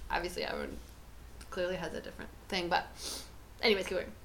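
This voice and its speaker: A woman hosting a podcast in casual chat, playful and quick to laugh. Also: lowish voice, wildly swooping pitch, fairly bright tone, slight background noise. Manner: laughs often, chatty, playful asides. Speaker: podcast host.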